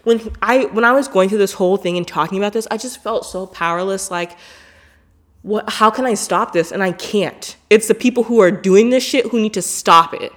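A woman's voice: medium pitch, moderate pace. A woman hosting a podcast in a casual monologue, blunt, emphatic and profane, filling her talk with "like". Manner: animated, with frequent "like" fillers. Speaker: podcast host.

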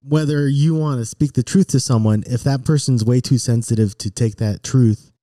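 A man on a casual podcast chat, teasing and playing devil's advocate with quick questions. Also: medium pitch, mellow, no echo, studio quality. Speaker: podcast co-host.

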